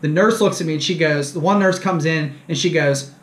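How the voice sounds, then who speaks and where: A man's voice: on the high side, brisk, hardly any pauses, roomy sound. A man hosting a fishing show, telling a story casually and animatedly, mocking himself and acting out the dialogue. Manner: animated, self-mocking anecdote with quoted dialogue.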